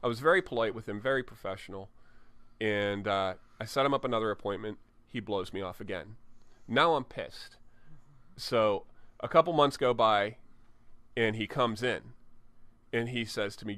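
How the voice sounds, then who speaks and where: A man's voice: on the low side, a little fast, fairly bright tone, dry recording. A tattoo artist telling candid, profane stories from his shop in an interview, often restarting his sentences. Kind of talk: storytelling in an interview. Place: tattoo studio.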